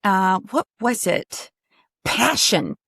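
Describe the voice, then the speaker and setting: A woman's voice: mid-range voice, lively intonation, slow, fairly bright tone, breathy edge, no room sound, clean studio sound. A woman coaching pronunciation in a casual online lesson, chatty and quizzing her student, swearing now and then.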